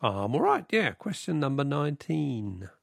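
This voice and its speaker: A brisk Australian man runs a radio quiz from the studio, reading out questions and counting off what remains. His voice sits slightly high for a man and has a gravelly fry. The sound is dry and close. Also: big pitch swings, dry recording. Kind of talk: radio quiz and caller chat.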